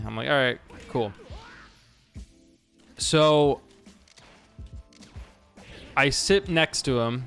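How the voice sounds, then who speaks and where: A man's voice: mid-range voice, slow pace, pauses often, a bit bright, clear, resonant tone. A man chatting casually on a game stream, telling a long story with many restarts and fillers. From Washington state. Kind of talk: casual stream chat while gaming. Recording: faint music underneath.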